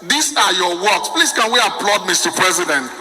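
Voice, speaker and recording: A man's voice: sits high, normal speed, big-room sound, noisy background. A Nigerian man performing stand-up comedy for a live audience, acting out the people in his stories as he tells them. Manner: animated storytelling that acts out the people in his stories. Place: live event before an audience.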